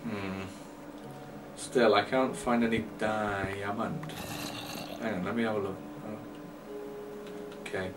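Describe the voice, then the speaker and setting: A man's voice: lowish voice, little pitch movement, slow, pauses often. A man rambling and joking to himself while commentating his game, with a distant mic and faint noise. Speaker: gamer. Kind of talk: let's play commentary.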